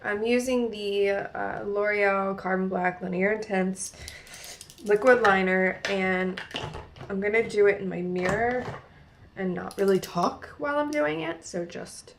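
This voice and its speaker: Young woman, New Jersey accent, beauty vlogger, slow rambling chat, many fillers, faint room hiss, camera mic. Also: mid-range voice, gravelly. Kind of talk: casual makeup tutorial chat. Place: at home in front of a mirror.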